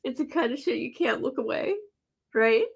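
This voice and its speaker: A woman's voice: high voice, animated, moderate pace, vocal fry, breathy edge. An older woman hosting a casual livestream, talking bluntly with exasperation, stammering and breaking into laughter. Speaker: livestream host.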